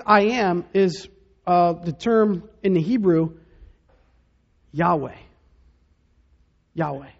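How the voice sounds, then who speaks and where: A man preaching a sermon as pastor, dramatic, dropping to a hush to stress key points. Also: high voice, lo-fi sound. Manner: dramatic, drops to a hush for emphasis.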